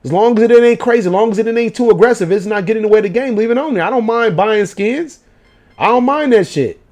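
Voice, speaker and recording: A man's voice: sits high, fast talker. A man, giving a profane late-night rant as a gaming vlogger. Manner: profane, animated ranting in slang.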